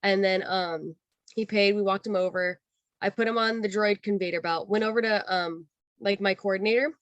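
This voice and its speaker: A young woman in her twenties, a guest on a casual interview, telling a long personal story with lots of "like" and acting out quotes in a higher voice. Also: steady tone, moderate pace, no echo, lo-fi sound. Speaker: guest, former theme park cast member.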